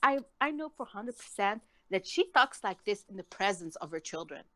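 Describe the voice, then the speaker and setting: A woman's voice: medium pitch, very animated, moderate pace, a bit bright, no echo. Angry swearing woman ranting on a stream, dry dead sound. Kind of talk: heated casual chat.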